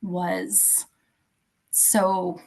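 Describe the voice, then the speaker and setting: Podcast guest: woman, 50s, slow and halting, a gravelly edge, soft-spoken. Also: lowish voice, level tone. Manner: halting, soft, searching for words. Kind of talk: personal storytelling in an interview.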